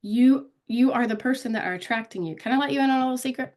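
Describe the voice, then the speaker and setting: Woman running a live social media training, chatty, keeps naming viewers, slightly high voice. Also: quick pace, darkish tone. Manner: chatty, calls out viewers by name.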